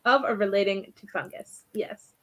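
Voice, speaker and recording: A woman's voice: mid-range voice, normal speed, fairly bright tone. A woman hosting a casual reading stream, teasing her co-hosts and giggling often. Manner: giggly, teasing, reads definitions aloud. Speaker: host of a reading sprint stream. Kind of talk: casual chat.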